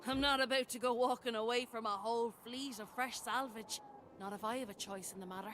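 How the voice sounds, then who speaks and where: A woman's voice: on the high side, fairly even intonation, fairly quick, a bit bright, slight background noise, lightly acted. A woman voicing a swaggering pirate with a stage-Irish lilt. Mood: confident. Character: brash female pirate salvager, stage-Irish. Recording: game audio under music.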